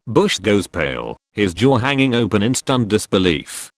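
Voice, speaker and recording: Man narrating jokes, low voice, lively pitch, dry close sound, measured scripted delivery. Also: no echo. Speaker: joke narrator. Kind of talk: scripted joke reading.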